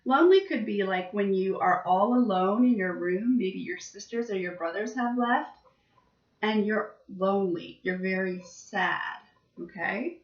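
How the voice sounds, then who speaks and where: A young woman teaching vocabulary to small children, speaking slowly and with exaggerated emphasis. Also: mid-range voice, animated. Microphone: laptop webcam. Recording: distant, roomy, dull webcam audio.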